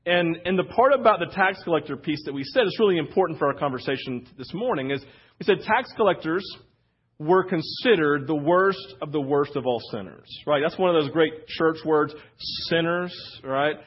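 Man, pastor, conversational sermon, slightly high voice, muffled lo-fi sound. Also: expressive, moderate pace, slightly rough. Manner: conversational preaching, frequent "right?" asides. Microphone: wireless church mic.

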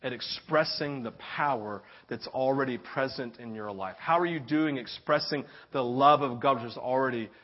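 A man's voice: medium pitch, moderate pace, few pauses. A middle-aged man preaching a sermon in a church, repeating key phrases and telling family stories with frequent tag questions. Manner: repeats key phrases, rises and swells in loudness for emphasis. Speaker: pastor. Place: church sanctuary. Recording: dull lo-fi church recording.

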